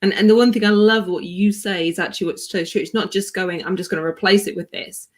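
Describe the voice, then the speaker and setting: A woman's voice: medium pitch, fairly even intonation, quick pace. A woman podcast host responding to her guest in casual chat, eager and affirming.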